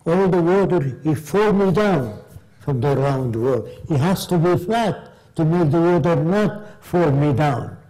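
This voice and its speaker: A man putting on the slow, halting broken English of an earnest, stubborn older man he once met, as part of a told story. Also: fairly high pitch, animated, mellow, low-quality recording. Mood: insistent.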